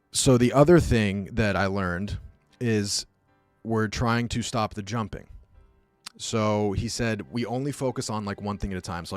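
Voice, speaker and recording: Young guy, low voice, casual rambling chat, faint music behind. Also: dry recording. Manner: rambling, casual storytelling with many fillers. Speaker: podcast host.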